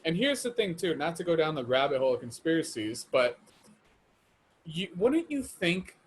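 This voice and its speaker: A man's voice: a little high, very animated, moderate pace, a little hiss or hum. A young man co-hosting a podcast in casual chat, rambling and swearing, with many restarts. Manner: rambling, profane, restarts a lot. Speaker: podcast co-host.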